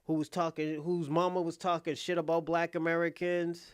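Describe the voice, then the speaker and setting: A man's voice: on the high side, level tone, normal speed, smooth, no echo, clean studio sound. A man speaking in a blunt, profane casual rant to his viewers as an online commentator, often insisting that he is being honest and laughing between lines.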